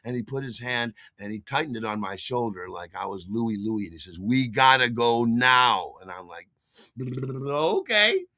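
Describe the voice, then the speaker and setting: A man's voice: on the low side, steady tone, a little fast, few pauses, a bit bright, no room sound. A man telling a comic, self-mocking personal story, acting out the scenes. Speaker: podcast host.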